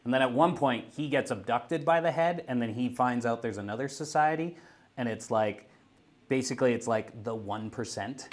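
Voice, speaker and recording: A man's voice: mid-range voice, moderate pace. A man chatting casually on a painting livestream, rambling through a story with lots of "like". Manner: rambling storyteller, heavy use of "like". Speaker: guest painter. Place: gaming store.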